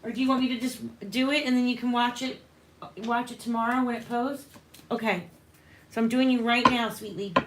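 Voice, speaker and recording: A woman's voice: on the high side, fairly even intonation, brisk, a little hiss or hum. A woman hosting a live tarot reading, chatting casually with viewers and calling them honey. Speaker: tarot reader and livestream host.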